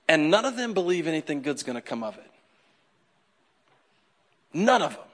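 A man preaching a sermon in a conversational, animated way, acting out the people in his stories. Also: fairly high pitch. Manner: animated, conversational, acts out quotes. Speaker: pastor.

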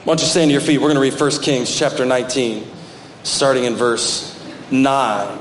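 A man's voice: medium pitch, steady tone, normal speed, slight background noise. Man preaching in an echoing church. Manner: preaching with rising emphatic bursts, reading scripture aloud. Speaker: pastor. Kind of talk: sermon. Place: church sanctuary. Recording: echoey church hall with long reverb.

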